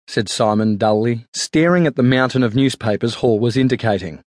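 A man narrating an audiobook in a steady, even storytelling manner on a close studio mic. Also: medium pitch, brisk, no room sound. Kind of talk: scripted narration.

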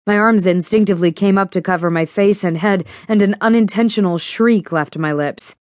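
A woman narrating a first-person audiobook in a steady, even storytelling manner. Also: mid-range voice, moderate pace, no room sound, studio quality.

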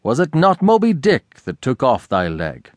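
A man's voice: medium pitch, wildly swooping pitch, normal speed, dry recording. A man voicing a cautious, respectful first mate in an audiobook. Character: earnest male first mate.

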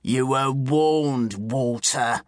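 A man's voice: medium pitch, measured pace, sharp tone, no room sound, studio quality. A man doing a spiteful, taunting forester. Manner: taunting, barking orders. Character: gruff stocky male forester, spiteful.

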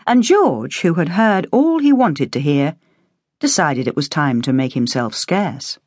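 A woman narrating a historical novel audiobook in a measured, expressive storytelling manner. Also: lowish voice, slightly rough, dry recording, clean studio sound. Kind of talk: scripted narration.

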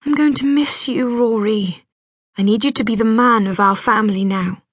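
A woman narrator voicing a young woman who is a caring, cheerful big sister, bright and reassuring in tone. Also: fairly high pitch, moderate pace, dry recording, clean studio sound, close to an everyday voice. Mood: tender.

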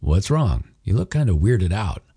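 A male audiobook narrator voicing an affectionate young man who grows anxious and jealous, close to his own husky voice. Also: sits low, very animated, moderate pace, warm tone, full character voice. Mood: easygoing. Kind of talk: audiobook character voice.

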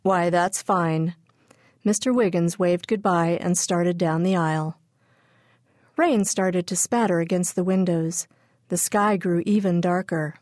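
A woman narrating a children's audiobook in a clear, even storytelling manner. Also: lowish voice, unhurried, dry recording, studio quality. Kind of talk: scripted narration.

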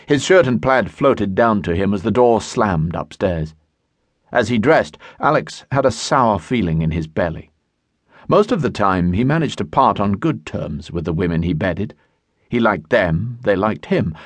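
Low, lively male audiobook narrator. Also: no room sound. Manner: measured storytelling. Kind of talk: scripted narration. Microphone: studio mic.

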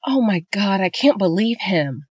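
A woman's voice: lowish voice, normal speed, no room sound, natural voice. A woman voicing a betrayed wife and mother who speaks in heated, angry bursts, in a dry-sounding audiobook reading. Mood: distraught. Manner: heated, raising her voice in anger.

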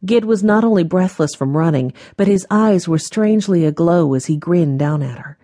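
Woman, audiobook narrator, measured, gentle, lowish pitch, mellow tone. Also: lively intonation, dry recording, clean studio sound. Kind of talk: scripted narration.

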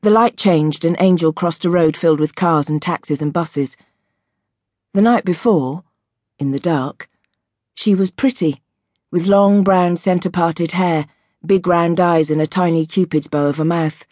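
A woman's voice: fairly low pitch, warm tone, no room sound, studio quality. Woman narrating a gritty audiobook. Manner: measured, vivid storytelling.

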